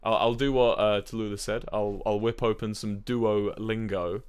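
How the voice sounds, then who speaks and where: A man's voice: fairly low pitch, steady tone, moderate pace, smooth. A man streaming a video game, chatting playfully and joking in broken Spanish. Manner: playful, mock-Spanish banter, swearing. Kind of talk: casual live-stream chat.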